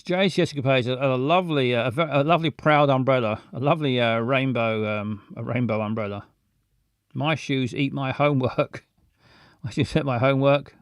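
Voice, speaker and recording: A man hosting a live show, chatting casually in a halting, playful way with many restarts and silly jokes. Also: medium pitch, no room sound, clean studio sound. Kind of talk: casual rambling live chat.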